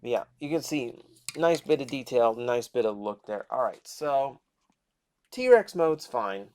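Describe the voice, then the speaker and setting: A man's voice: mid-range voice, animated, slow, darkish tone. Chatty man reviewing a toy. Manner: chatty, thinking aloud while handling the toy. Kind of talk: casual toy review while transforming a figure.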